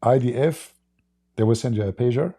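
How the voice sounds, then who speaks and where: A man with a gravelly, husky voice hosts a livestream, mocking a clip with sarcastic jokes and frequent laughter. His tone is dark and mellow, and the sound is dry and close. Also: medium pitch, moderate pace, dry recording. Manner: sarcastic, joking, laughs often. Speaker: livestream host. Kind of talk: mocking commentary on a video clip.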